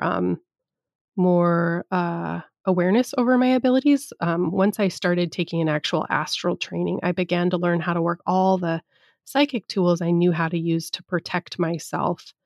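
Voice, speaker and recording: Woman, podcast host, low gravelly voice, chatty storytelling, dry close sound. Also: a little mellow, no room sound. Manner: chatty, candid, swears casually. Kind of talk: casual storytelling monologue.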